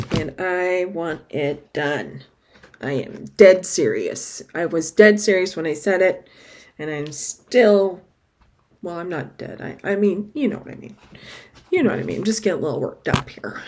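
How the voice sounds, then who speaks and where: A middle-aged woman chatting casually to camera about her stitching, excitable and gushing, with sudden high exclamations. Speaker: cross-stitch vlogger.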